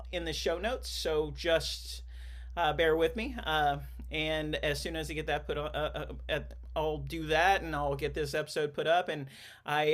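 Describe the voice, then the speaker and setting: A man's voice: fairly high pitch, a bit bright. Rambling man hosting a podcast. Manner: rambling, frequent restarts and fillers. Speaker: podcast host and counselor. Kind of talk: casual interview chat.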